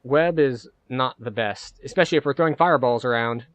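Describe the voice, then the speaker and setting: A man live-streaming a game, chatting casually and thinking out loud as he plays. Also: medium pitch, fairly quick, dry recording, lo-fi sound. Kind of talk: live-stream gameplay commentary.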